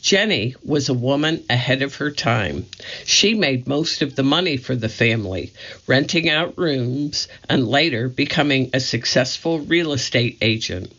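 A woman working as an audio reader for a library, narrating a book aloud slowly and clearly. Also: rumbling low, lively intonation, a bit bright. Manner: measured and clearly enunciated. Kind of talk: slow, careful read-aloud narration. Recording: dull lo-fi audio.

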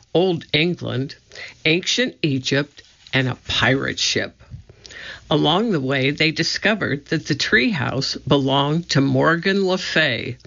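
Slow expressive storyteller, gravelly. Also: mid-range voice, highs cut off. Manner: expressive storytelling, voicing each character. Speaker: audiobook narrator. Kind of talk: scripted narration of a children's book.

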